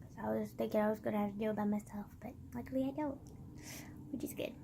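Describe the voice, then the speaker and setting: A woman's voice: medium pitch, steady tone, fast talker, gravelly, noisy background. A teenage girl telling a story to the camera as a casual rant, with lots of fillers and swearing. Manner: swears a lot, many fillers, venting. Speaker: vlogger.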